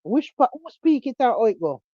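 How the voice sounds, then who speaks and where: Animated Jamaican woman hosting a chat. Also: fairly high pitch, a little fast, dry recording. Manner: animated, questioning, patois-laced. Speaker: livestream host. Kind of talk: casual online chat. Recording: dull dry sound.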